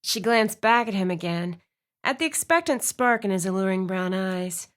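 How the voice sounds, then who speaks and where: A woman reading a romance audiobook aloud, with expressive narration. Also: mid-range voice, normal speed. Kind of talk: scripted narration.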